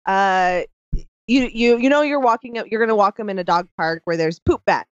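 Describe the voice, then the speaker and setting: A woman's voice: mid-range voice, moderate pace, no room sound. A woman co-hosting a podcast in casual chat, blunt and mocking, cutting in often. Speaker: podcast co-host. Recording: dry, slightly dull lo-fi audio.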